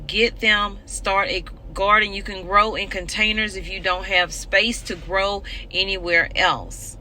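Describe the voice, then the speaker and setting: Homestead vlogger lady, bright sharp voice, urgent, says things twice to hammer them in. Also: mid-range voice, steady tone, a little slow, a little hiss or hum, low-quality recording. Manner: urgent, repeats points for emphasis. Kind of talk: earnest direct-to-camera vlog.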